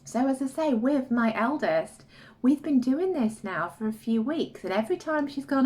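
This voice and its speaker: A woman vlogging self-help advice in an animated, expressive way. Her voice sits a little high and swoops widely as she slips into the inner voices she is quoting. It sounds casual and conversational, like talking straight to camera. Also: moderate pace. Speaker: life coach vlogger.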